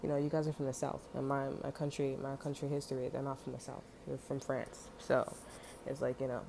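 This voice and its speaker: A woman's voice: rumbling low, flat delivery, brisk, gravelly, background noise. A woman telling a story in a casual, heated monologue, swearing often and filling her talk with "you know" and "like". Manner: heated, profane, many fillers.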